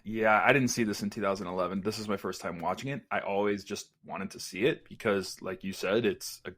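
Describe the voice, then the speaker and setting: A man's voice: lowish voice, steady tone, fairly quick, a bit bright. A man in his thirties co-hosting a podcast, talking in a loose, chatty way full of likes. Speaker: podcast co-host. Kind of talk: casual chat.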